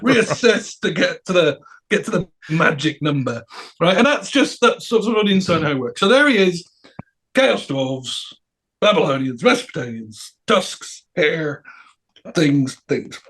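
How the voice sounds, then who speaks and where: Animated man telling stories. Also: a little high, unhurried. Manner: animated, laughs, repeats words. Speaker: guest. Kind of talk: anecdotal storytelling.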